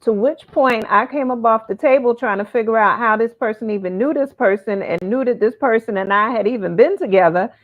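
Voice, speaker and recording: A woman hosting an interview, telling a personal story in a lively way and acting out the voices of the people in it. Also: fairly high pitch, fairly quick, hardly any pauses. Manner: animated, acts out quoted voices. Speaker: host. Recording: phone-like narrow sound.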